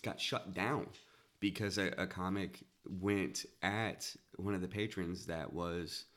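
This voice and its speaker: A man in casual podcast talk, animatedly telling a comedy club story and leaping into high shouts for quoted lines. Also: steady tone, takes it slowly. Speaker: stand-up comedian and podcast host.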